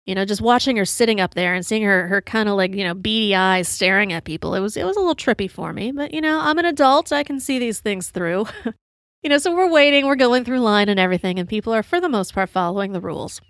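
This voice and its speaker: A woman with a drawl hosts her own show and tells a rambling story full of "you know" fillers. She sounds a little tipsy from her drink. Her voice sits at a middling pitch and is recorded dry and close, with no room sound. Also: animated, fast talker, fairly bright tone, no room sound. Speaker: podcast host. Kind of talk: casual storytelling monologue.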